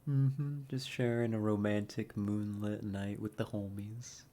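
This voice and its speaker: A man's voice: fairly low pitch, little pitch movement, unhurried, warm tone. A man casually chatting while streaming a game, playful and self-deprecating. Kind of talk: casual live-stream commentary.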